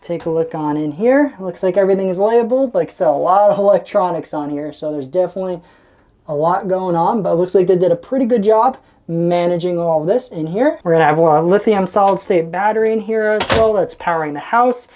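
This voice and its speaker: A woman's voice: on the low side, brisk, warm tone, no echo. An upbeat woman gives a casual walkthrough tour aboard a boat, chatting as she lists one feature after another. She climbs around while she talks, so she sounds slightly winded. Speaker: boating channel host.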